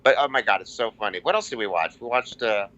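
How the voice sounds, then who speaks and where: A man guesting on a comedy podcast, rambling and halting in casual chat, with frequent restarts and self-mocking asides. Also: lowish voice, lo-fi sound, over a noisy crowd.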